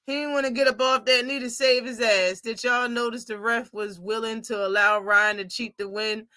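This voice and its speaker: A woman's voice: a little high, steady tone, moderate pace, pushed and bright, no room sound, studio quality. A woman hosting a casual post-fight livestream, talking animatedly and profanely and mocking people with impressions. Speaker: boxing live-stream host.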